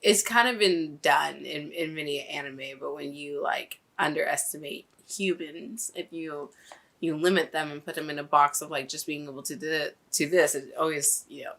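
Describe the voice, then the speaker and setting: A woman's voice: low-pitched, moderate pace, a bit bright. A woman hosting a reaction video, talking emotionally in a casual way, often breaking off mid-sentence with nervous laughs. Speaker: reaction channel host.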